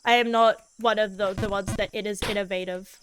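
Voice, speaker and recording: A woman's voice: medium pitch, steady tone, fairly quick, a little hiss or hum, rough recording. A woman streaming a game as a VTuber, chatting casually in a goofy, laid-back way and swearing freely.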